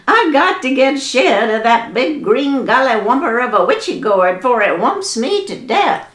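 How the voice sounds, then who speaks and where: A woman's voice: fairly high pitch, very animated, measured pace, fairly bright tone. A woman doing a panicked old mountain granny. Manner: hollering, panicked. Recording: echoey room.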